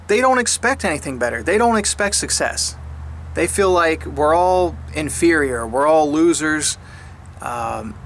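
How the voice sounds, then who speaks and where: A man's voice: a bit bright, a little hiss or hum. A man in a casual monologue, laughing often and mimicking people in exaggerated voices. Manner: mocking others in higher, slower put-on voices; frequent laughter and repeated restarts. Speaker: speaker sharing his views.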